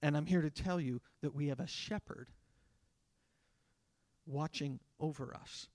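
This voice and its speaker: A pastor in his fifties preaching a conversational sermon, acting out little scenes in soft voices. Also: fairly high pitch, unhurried, dry recording. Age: 50s. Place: church.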